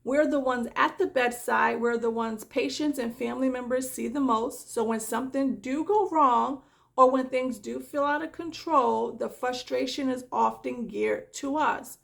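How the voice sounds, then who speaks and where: A woman's voice: high-pitched, unhurried, gravelly. A woman who works as a nurse, talking in a casual vlog, exasperated and emphatic.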